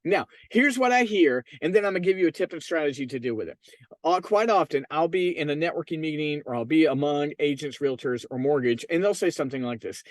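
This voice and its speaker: Guy with a slightly high voice doing a solo podcast, pushy and upbeat, really dry sound. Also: lively intonation, fast talker, no echo. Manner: emphatic, persuasive, addresses listeners as guys. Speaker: podcast host and real estate marketing consultant. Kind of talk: solo podcast advice talk.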